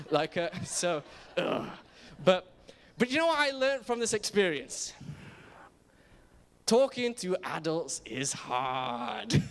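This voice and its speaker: Young man, casual sermon, chatty and self-mocking, slightly high voice, reverberant church hall. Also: fairly bright tone. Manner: self-deprecating, chatty, many restarts. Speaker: preacher. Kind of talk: casual sermon with personal stories. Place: church auditorium.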